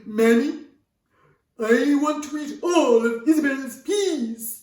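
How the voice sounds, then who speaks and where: Whiny storybook dragon, high, slow and loud, voiced by a woman, dragging out every moan; recorded a bit far off in an echoey room. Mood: whining. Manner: drawn-out whimpering whine. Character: whiny, moaning little dragon.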